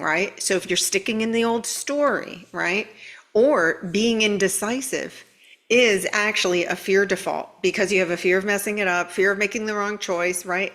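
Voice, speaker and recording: Lady host doing a spiritual energy update, lively and chatty, says "right?" a lot. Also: medium pitch, measured pace. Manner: animated, often says "right?", acts out inner voices. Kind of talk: spiritual guidance talk.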